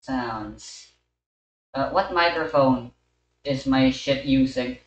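A man casually talking through a gameplay recording and chatting with a friend, relaxed and mumbling to himself. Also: medium pitch, slow pace. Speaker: gamer recording a playthrough. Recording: roomy, distant from the mic.

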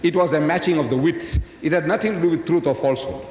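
A man's voice: on the high side, quick pace, darkish tone. A man, giving a religious public lecture as a storyteller who keeps asking the audience rhetorical questions. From South Africa. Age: 70s. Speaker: Muslim lecturer. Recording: echoey hall, faint noise.

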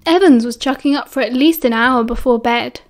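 Blunt, gossipy British teen girl, high voice , read by a woman narrator. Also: moderate pace, lightly acted. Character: blunt teenage girl, grimacing.

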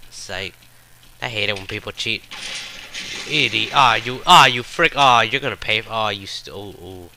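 A man's voice: lowish voice, moderate pace, pushed and bright, slight background noise. A man giving live gameplay commentary, frustrated and trash-talking with profane outbursts.

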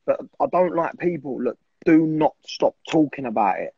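A man's voice: a little high, lively intonation, moderate pace, warm tone, dull audio, a little hiss or hum. A man in his twenties, a podcast guest, talking casually and bluntly with lots of swearing. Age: 20s.

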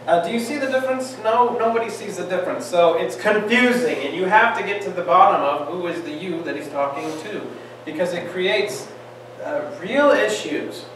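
A man teaching a Bible class, lively and joking, firing off questions at his students. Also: sits high, normal speed. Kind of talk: classroom lecture. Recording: echoey room, distant mic, faint hiss.

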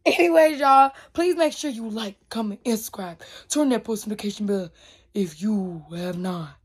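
A woman vlogger talking casually and teasingly, sometimes dropping into a hushed, spooky storytelling voice. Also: medium pitch, moderate pace, echoey room, rough recording. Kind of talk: casual prank vlog chat.

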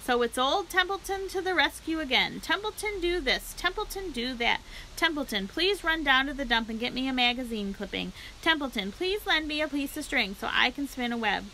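Woman voicing a sarcastic, lazy storybook rat, complaining and mocking, bright tone. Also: fairly high pitch, moderate pace, a little hiss or hum, low-quality recording. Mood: grumbling.

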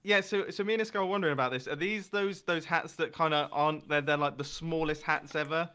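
A man's voice: on the high side, fast talker, bright, forceful tone, clear, resonant tone. A man in casual gaming chat, playful and giggly, rambling as he talks. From Britain.

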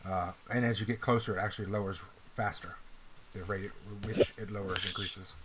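A man narrates a tabletop game as its game master in a relaxed, profane way, stopping often to clear his throat. His voice sits fairly low, and a faint noise hums behind him. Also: brisk.

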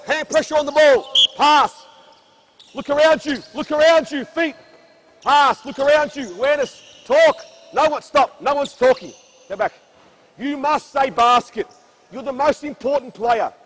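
A man coaching a basketball practice on an indoor court, barking short commands and then explaining drills at length. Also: very high-pitched.

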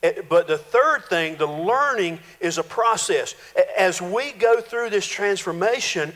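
A male pastor, preaching a folksy, animated sermon full of playful voiced quotes in a church sanctuary. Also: high voice, measured pace. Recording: reverberant church hall.

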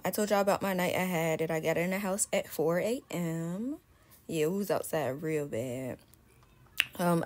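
A woman's voice: lowish voice, darkish tone. A young adult woman talking casually to her viewers as a lifestyle vlogger, chatty and addressing them directly. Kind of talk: casual vlog narration to viewers. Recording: noisy outdoor and car background.

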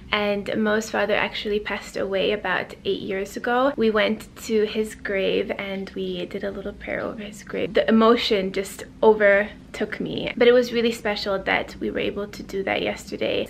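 A woman's voice: mid-range voice, creaky, a little hiss or hum. A woman talking casually to the camera as a travel vlogger, upbeat and chatty, recorded in a car and then outdoors. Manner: chatty, upbeat, frequent "like" fillers. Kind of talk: casual vlog narration to camera.

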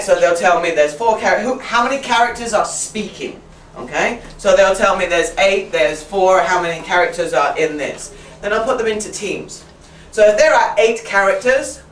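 A woman's voice: medium pitch, a bit bright, distant mic. A woman talks a room of fellow teachers through a classroom routine, laughing easily and slipping into her pupils' voices. She sounds set back from the mic in a roomy space, with a faint hum of room noise behind her. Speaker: teacher trainer. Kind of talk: workshop talk to fellow teachers.

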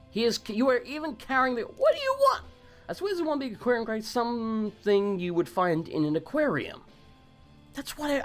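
Sarcastic man with a very lively pitch. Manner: sarcastic, swears freely, talks to game characters. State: recovering from a cold. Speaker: gaming channel host. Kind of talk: casual let's play commentary.

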